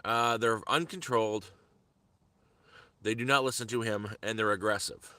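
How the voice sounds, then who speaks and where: A man's voice: lowish voice, fairly even intonation, normal speed, sharp tone, no echo. A man on a live stream outdoors in the woods, telling a heated story in repetitive bursts. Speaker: vlogger. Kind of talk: angry live-stream rant.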